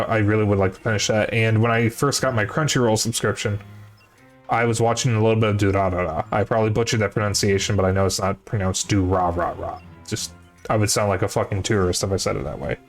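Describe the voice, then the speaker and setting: A young man streaming, chatting casually to his viewers, rambling and correcting himself as he goes, with the odd curse. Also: lowish voice. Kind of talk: casual chat to a live chat. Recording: faint music behind voice.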